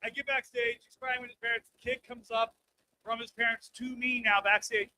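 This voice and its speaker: A man's voice: very high-pitched, level tone, brisk, pushed and bright, slight background noise, poor audio. A man doing a stand-up comedy set on a live stage mic, brash and crude, often checking in with the crowd. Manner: brash, crude punchlines, keeps checking in with "all right?".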